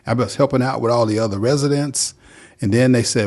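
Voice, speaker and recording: His voice is mid-range and brisk with a darkish tone. He's a middle-aged man from North Carolina, a guest giving a personal recovery testimony in an earnest, plainspoken manner.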